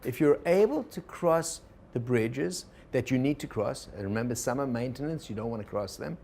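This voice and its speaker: Guy teaching a workshop, mid-pitch voice, tells a story with little quoted bits, faint hiss behind. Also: lively intonation, normal speed, gravelly, darkish tone. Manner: storytelling with quoted inner voices, asks the audience questions. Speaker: organizational consultant teaching a workshop. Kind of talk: workshop lecture.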